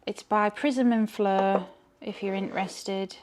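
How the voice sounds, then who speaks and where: A chatty woman with a broad Geordie accent talks to her camera as a tarot reader. She rambles freely and speaks her mind plainly. Her pitch sits in an ordinary middle range for a woman. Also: fairly even intonation, takes it slowly, a little mellow. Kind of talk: casual chat to camera.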